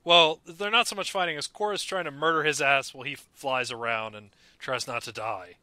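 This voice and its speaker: A young man with a very bright, fairly high voice talks eagerly in a casual podcast chat, and he gets animated as he recaps the scenes. The sound is close and dry, with no room in it. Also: brisk, dry recording. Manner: enthusiastic, animated fan talk. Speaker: podcast co-host.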